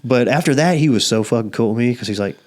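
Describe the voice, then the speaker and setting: A man's voice: mid-range voice, animated, fast. A man hosting a podcast, telling a story in casual, profane chat and laughing often. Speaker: podcast host.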